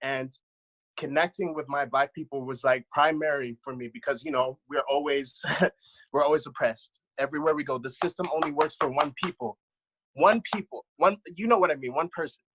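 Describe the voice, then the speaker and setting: A man in his thirties with a somewhat higher voice speaks earnestly and with deep feeling. He talks as a panelist over a video call. His delivery is heartfelt and direct. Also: normal speed, a bit bright, poor audio. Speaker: panelist, dance choreographer. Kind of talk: impassioned panel testimony.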